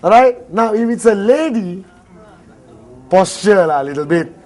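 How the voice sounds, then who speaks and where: A high-voiced man with a Malaysian English accent speaks to a live audience as a motivational speaker. He jokes, laughs easily and acts out little dialogues between people. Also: animated, measured pace, background noise. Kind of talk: seminar talk to a live audience.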